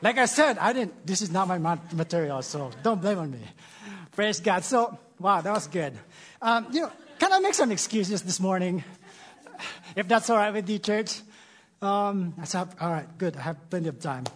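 A man with a Filipino accent, opening a sermon in church with jokes, animated and laughing at himself. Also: high-pitched, moderate pace. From Philippines. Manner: animated, laughing, self-deprecating. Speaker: church speaker. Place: church, before a congregation.

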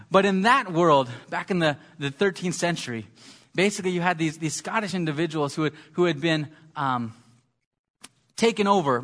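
A male preacher delivers a conversational sermon in a voice pitched a little above the usual for a man. He speaks haltingly, often stumbling over and repeating words as he gathers his thoughts. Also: a bit bright. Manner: halting, repeats words while searching for them.

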